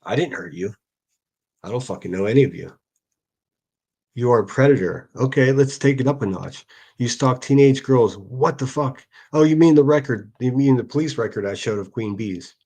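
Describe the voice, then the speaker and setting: A man's voice: mid-range voice, lively intonation, a little fast, darkish tone, breathy edge. A man hosting a solo livestream, reading out hostile comments and answering them in a sarcastic, profane rant. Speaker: livestream host.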